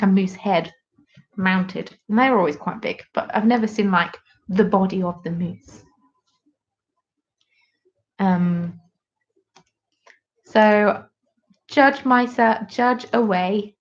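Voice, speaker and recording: A woman's voice: mid-range voice, muffled recording. A British woman in her twenties hosting a live craft stream, chatting casually and teasing herself while reacting to viewer comments.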